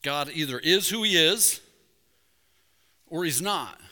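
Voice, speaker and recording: A man preaching a sermon as pastor, conversational with jokes, rising to loud emphasis at points. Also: fairly high pitch, expressive, slow pace. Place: church sanctuary. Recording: reverberant church sanctuary.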